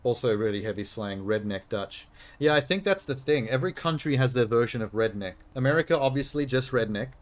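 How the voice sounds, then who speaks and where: An Australian man in casual commentary while streaming a game. His voice sits at a middle pitch, and his delivery is chatty and quick to laugh. He swears freely. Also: lively intonation.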